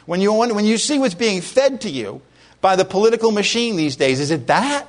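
A pastor preaching a sermon in a conversational way, asking his congregation questions and rising to loud exclamations. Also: high-pitched, sing-song, brisk.

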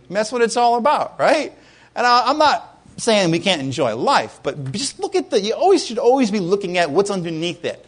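High-voiced man preaching a lively sermon. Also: normal speed. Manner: conversational, asks the congregation questions, rises to loud exclamations. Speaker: pastor.

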